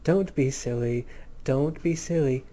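A man reading a storybook, voicing a smooth young man who drawls and teases, insistent and mocking. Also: mid-range voice, measured pace, dark tone, lightly acted. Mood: teasing, coaxing. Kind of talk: audiobook character voice.

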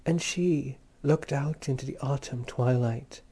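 Mellow male audiobook narrator. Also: medium pitch, slightly rough. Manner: measured and lyrical. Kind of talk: literary narration read aloud.

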